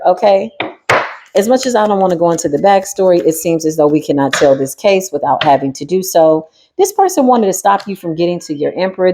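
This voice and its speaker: A woman's voice: lowish voice, noisy background. A woman doing a spiritual tarot reading in a sassy, streetwise style, talking straight to the viewer and to the spirit. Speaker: tarot reader.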